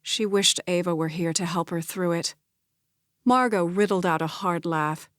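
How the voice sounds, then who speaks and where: A woman narrating a romance audiobook in a steady, scripted storytelling voice. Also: on the low side, measured pace, no room sound, clean studio sound.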